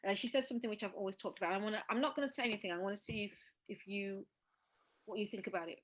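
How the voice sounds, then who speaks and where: A woman's voice: medium pitch, very fast, poor audio. A woman hosting a casual podcast discussion, speaking emphatically with many fillers. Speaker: podcast host.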